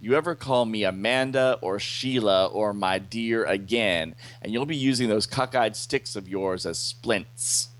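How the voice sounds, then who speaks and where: A man's voice: on the low side, a little slow, few pauses, lightly acted. A man reading a stern, cold woman boss. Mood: menacing.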